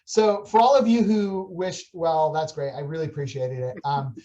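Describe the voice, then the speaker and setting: A young adult woman telling a funny story in a casual church chat, animated and laughing, with many restarts. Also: low-pitched, moderate pace, highs cut off, a little hiss or hum. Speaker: church staff member on a video chat.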